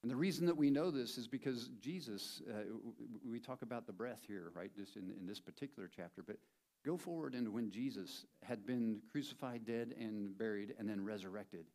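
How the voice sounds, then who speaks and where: A man's voice: medium pitch, fairly quick, a little mellow. A man preaching a sermon as a pastor in a church, conversational and playful, driving points home by repeating them. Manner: conversational and playful, with emphatic repetition.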